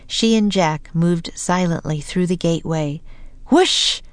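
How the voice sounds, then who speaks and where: A woman narrating a children's storybook in a calm, measured way, slowing for suspense. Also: on the low side, no echo. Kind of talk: storybook reading.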